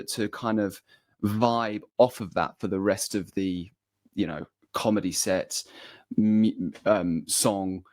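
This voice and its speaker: A man's voice: lowish voice, no room sound. Eager, rambling male podcast host. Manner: eager, rambling, with many restarts and fillers. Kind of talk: casual conversation.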